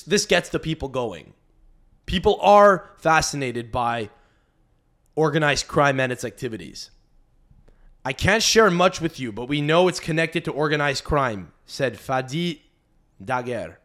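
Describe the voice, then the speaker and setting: A man's voice: mid-range voice, a bit bright. A man from Canada, hosting a podcast as a comedian and riffing animatedly with frequent restarts. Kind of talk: casual podcast monologue.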